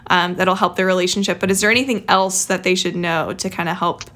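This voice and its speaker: A woman's voice: on the low side, steady tone, brisk, a bit bright. A young adult woman hosting a podcast, talking in a chatty, reflective way with lots of casual fillers. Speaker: podcast host.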